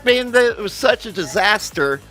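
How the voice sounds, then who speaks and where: A man's voice: high voice, expressive, moderate pace, bright, forceful tone, faint music behind. A man chatting casually on a podcast, blunt and enthusiastic, swearing a lot. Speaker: podcast co-host. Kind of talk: casual chat.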